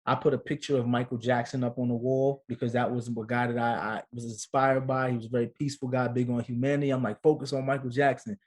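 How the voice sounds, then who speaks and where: A man's voice: medium pitch, quick pace, few pauses. A man in his thirties, a guest on an interview, telling a personal story casually and acting out the voices of the people in it. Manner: animated storyteller, acts out quotes. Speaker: guest, actor and father.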